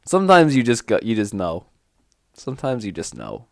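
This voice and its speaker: A young man giving casual, animated commentary as he plays a card game on his channel, swearing and mocking himself. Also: fairly low pitch, normal speed, vocal fry, no echo, studio quality. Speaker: gaming YouTuber.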